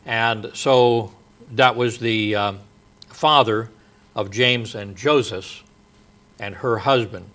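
Male preacher, sermon, very slow pace, bright tone, halting with fillers. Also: lowish voice.

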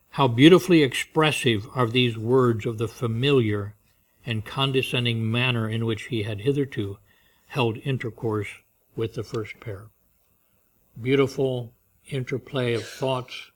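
A man preaching a sermon in a conversational way, moving between loud, emphatic reading and quiet asides. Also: medium pitch. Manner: reads scripture and commentaries aloud with rising emphasis. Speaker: pastor.

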